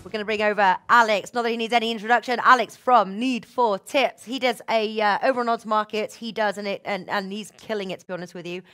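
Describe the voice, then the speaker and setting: A woman hosting a sports betting show, chatty and quick to laugh. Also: mid-range voice, fairly even intonation, a bit bright, faint music behind. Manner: chatty, laughs often, restarts. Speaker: host. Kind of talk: casual chat.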